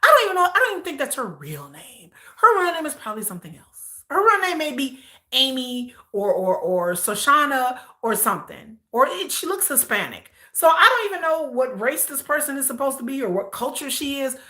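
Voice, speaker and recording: An American woman hosts a casual livestream reacting to a reality show, ranting in outspoken disbelief and mimicking the people on screen to mock them. Her voice is high-pitched, very animated, brisk, bright and forceful.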